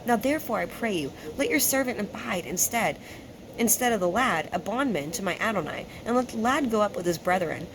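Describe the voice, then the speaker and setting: A woman's voice: mid-range voice, lively intonation, brisk, background noise. A woman teaching scripture, reading passages aloud and then retelling them in casual words with fillers.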